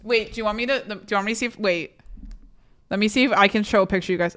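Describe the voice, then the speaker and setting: A young woman on a live stream, talking loosely to her chat with a voice worn hoarse from illness. She is blunt and swears casually, often cutting herself off and restarting her sentences. Her pitch sits in an ordinary middle range. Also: quick pace, a bit bright. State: sick, voice going hoarse.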